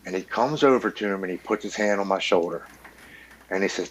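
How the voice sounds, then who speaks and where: A man in his forties, a podcast guest recounting his own recovery story. His voice sits a touch low, and he talks in an earnest, blunt way with occasional swearing. He often repeats words as he works through the memory. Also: a little fast, low-quality recording. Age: 40s.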